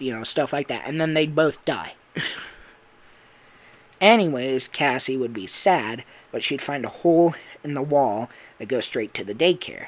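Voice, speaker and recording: A man's voice: medium pitch, a little slow. A young man and voice actor, casually telling a fan story idea, rambling with fillers and laughing at himself. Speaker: voice actor and YouTuber.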